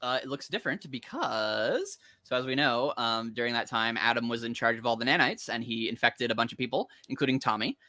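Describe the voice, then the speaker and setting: A man's voice: mid-range voice, fairly quick, hardly any pauses, no room sound. A man co-hosting a podcast in casual chat. He tells stories with energy, acts out characters, and laughs often. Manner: animated storytelling, acts out characters. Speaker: podcast co-host.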